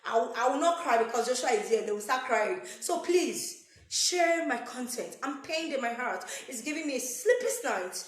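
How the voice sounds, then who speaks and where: A woman's voice: sits high, animated, normal speed. A woman with a Nigerian accent makes an emphatic, repetitive appeal to her viewers, dropping into pidgin and pouring out prayer-like blessings. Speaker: YouTube content creator. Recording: echoey room.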